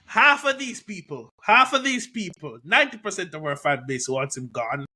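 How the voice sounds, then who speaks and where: A man hosting a casual football chat, agreeable and quick to concede a point. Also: high-pitched, very animated, pushed and bright, husky.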